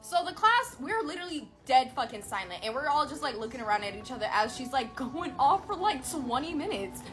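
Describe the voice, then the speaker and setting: A young woman telling a school story in casual storytime style, profane, animated and exasperated. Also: high voice, fairly quick, faint music behind.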